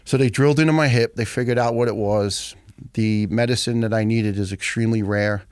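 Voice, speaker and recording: A middle-aged man, telling his story as a podcast guest in a blunt, profane, animated way. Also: lowish voice, brisk, smooth, dry recording, clean studio sound. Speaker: guest, retired firefighter.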